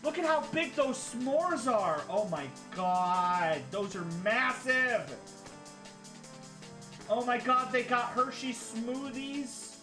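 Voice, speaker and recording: Excitable streamer over background music. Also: medium pitch, slow pace. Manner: excitable, swings between loud gushing and mumbling. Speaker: live streamer. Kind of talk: casual reaction commentary. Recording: clear music under the voice.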